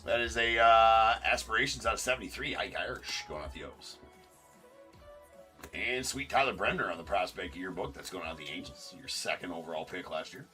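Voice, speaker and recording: A man's voice: low-pitched, moderate pace, sharp tone, distant mic, faint music behind. A man hosting a livestream card break, chatty and opinionated as he calls out the cards.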